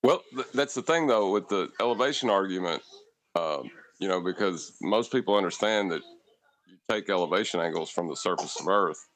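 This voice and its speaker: A man's voice: low-pitched, expressive, normal speed, a bit bright, no room sound, low-quality recording. A man in casual debate chat, talking in a hesitant, thoughtful way.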